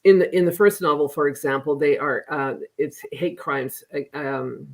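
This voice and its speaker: A middle-aged woman, an author guest, talking casually and hesitantly, with many pauses and restarts. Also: low voice, fairly even intonation. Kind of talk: casual interview chat.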